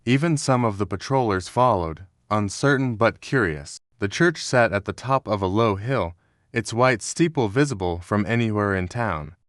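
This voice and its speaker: A man giving a scripted narration of a historical story in a steady, measured way. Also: lowish voice, dry recording, clean studio sound. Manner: steady, measured storytelling with quoted dialogue read in the same voice.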